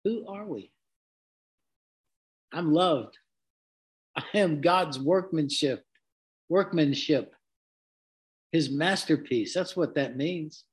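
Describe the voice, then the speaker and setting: A man's voice: a little high, slow pace, long pauses. A man hosting a Christian podcast, teaching in an earnest, reflective, conversational way with folksy asides.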